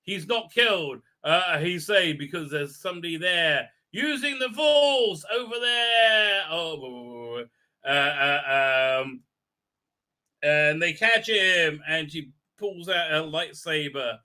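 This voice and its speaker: A man hosting a livestream, giving a rambling recap of a show with many halting fillers and restarts. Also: on the high side, bright, forceful tone. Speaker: livestream host. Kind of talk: ranting show recap commentary.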